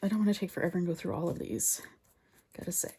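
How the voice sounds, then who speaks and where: Woman crafting at home, casual rambling chat, slightly deep with a touch of vocal fry. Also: fairly even intonation, fast, a little hiss or hum. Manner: chatty and rambling, mutters softly to herself while working. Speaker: collage artist. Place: home craft table, indoors. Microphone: phone on a mount.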